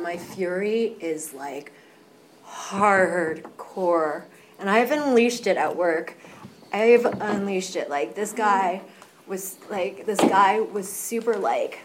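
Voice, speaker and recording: A young woman in recovery, candidly sharing her story at a meeting, animated, with many fillers and some swearing. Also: medium pitch, slight background noise. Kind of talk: casual personal sharing.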